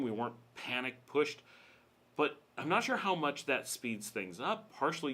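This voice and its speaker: A man's voice: medium pitch, fairly bright tone. A middle-aged man hosting a casual live question-and-answer stream from his home, talking loosely and reading out viewer comments. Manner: chatty, reads viewer comments aloud, coos baby-talk to his dog. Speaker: livestream host. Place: home room with studio lights.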